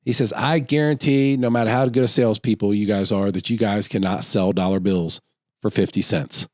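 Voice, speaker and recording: Lively, low-voiced man telling stories. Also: a little fast, no room sound, clean studio sound. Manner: animated storyteller, acts out voices in anecdotes. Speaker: podcast co-host. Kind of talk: casual storytelling chat.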